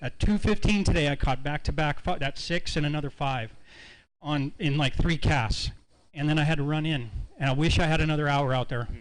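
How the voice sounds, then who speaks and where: A man, a tournament angler, telling in an excited, tumbling way how his fishing day came together. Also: fairly high pitch, brisk, poor audio. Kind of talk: casual post-weigh-in remarks.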